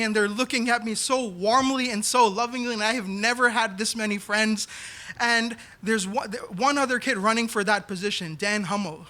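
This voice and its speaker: A man from New York City tells a comic personal story on a small theater stage. His voice sits high and sounds bright and forward. He is animated and acts out the people he quotes. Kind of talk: live comedic storytelling.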